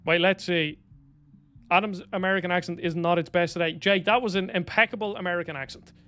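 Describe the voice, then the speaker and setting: A man's voice: sits high, steady tone, fairly quick, pushed and bright, clean tone, soft background music. A young Irish man chatting casually on a live stream, rambling as he answers viewers by name. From Ireland. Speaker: streamer reading chat.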